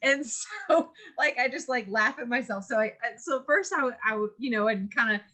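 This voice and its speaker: A bright, ringing woman's voice belongs to a podcast co-host chatting casually. She talks in an animated way, laughing often and slipping into a stern mom tone for her stories. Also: a little high, moderate pace. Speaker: mother. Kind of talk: casual chat.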